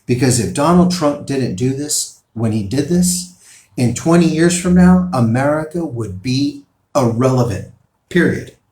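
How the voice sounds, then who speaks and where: A man's voice: medium pitch, lively intonation, unhurried, a little mellow, echoey room. A man giving opinion commentary, reading out news articles and pressing his points emphatically. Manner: emphatic, rising and falling in bursts.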